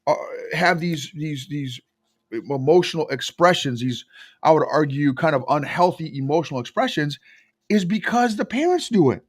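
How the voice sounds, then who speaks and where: A man with a fairly high voice talks as a guest on a podcast. He tells his stories with emphatic, animated energy and pushes hard on his key points. He sounds like an emotional intelligence coach explaining his ideas. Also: moderate pace, no echo, clean studio sound. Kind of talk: podcast interview.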